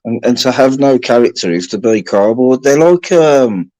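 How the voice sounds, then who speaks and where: A man hosting a livestream chat, rambling and halting with restarts. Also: medium pitch, animated, a little mellow, dry recording, poor audio. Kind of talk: casual chat.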